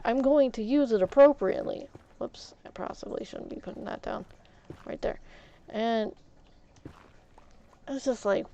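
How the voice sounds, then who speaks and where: A woman streams and chats casually while gaming, her fairly high, mellow voice running heated and indignant as she stumbles over repeated words. The sound comes through a dull, lo-fi mic. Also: normal speed, clean tone. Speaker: livestreamer.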